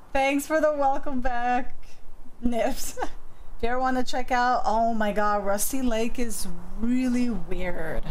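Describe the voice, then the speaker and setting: A woman streaming from her home setup, giving casual gameplay commentary. She talks at an unhurried pace in a fairly high voice. She chats with her viewers and with her cat, with a faint hiss of noise behind her.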